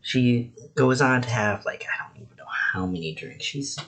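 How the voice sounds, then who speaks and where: A man's voice: medium pitch, moderate pace, fairly bright tone. A man casually reviewing anime episodes, rambling with lots of "like" and "you know".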